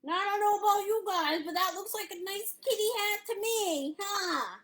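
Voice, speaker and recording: A woman's voice: very high-pitched, normal speed, a bit bright. A woman teaching a live painting class in a playful, silly way, laughing often as she guides the steps. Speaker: art instructor.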